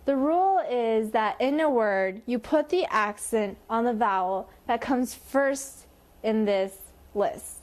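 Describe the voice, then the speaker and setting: A woman's voice: a little high, lively intonation, takes it slowly. A woman teaching a language lesson, patiently explaining and modeling tones by sliding her voice up and down.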